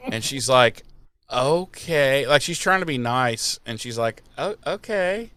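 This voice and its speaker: Smooth-voiced man recapping with mock voices. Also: medium pitch, a little slow, no room sound. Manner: animated retelling with mocking quoted voices and swearing. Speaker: podcast host. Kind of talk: casual episode recap.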